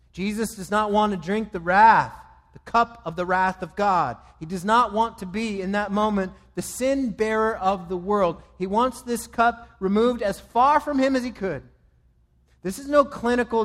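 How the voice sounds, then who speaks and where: A man's voice: sits high, a bit bright, long reverb tail. A man preaching a sermon as pastor, with an emphatic, repetitive cadence.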